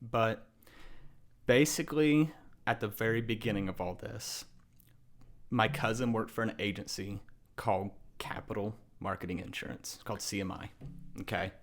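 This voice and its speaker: A young man in his twenties, a podcast guest, telling a casual story with animated quoted voices and frequent laughter. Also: lowish voice, moderate pace.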